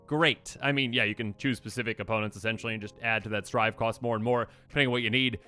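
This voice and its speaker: A man hosting a casual card review, chatty and enthusiastic, with a slightly hoarse voice. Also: lowish voice, fairly even intonation, fast, hardly any pauses, bright, forceful tone. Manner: enthusiastic, chatty, lots of fillers. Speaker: channel host.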